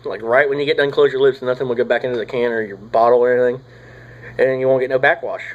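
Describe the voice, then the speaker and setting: A young man, rambling casually through a product review, swearing often and filling pauses with "uh" and "like.". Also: mid-range voice, fairly even intonation, phone-quality sound. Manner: rambling, profane, drawling with frequent fillers. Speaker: tobacco reviewer.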